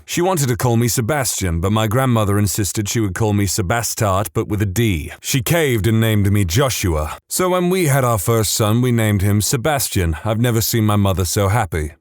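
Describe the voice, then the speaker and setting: A man reads online posts aloud for his podcast, breaking in with wry, joking remarks of his own. His voice sits at an ordinary middle pitch. The recording is close and dry, with no room sound. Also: no echo. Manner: wry asides between readings. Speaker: podcast host reading posts. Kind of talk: reading online posts with commentary.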